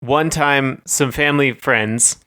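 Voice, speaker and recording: A man's voice: medium pitch, slow, bright, forceful tone, no echo, clean studio sound. A man co-hosting a podcast, chatting casually and telling stories in a rambling, hesitant way full of fillers. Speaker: podcast co-host. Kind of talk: casual chat.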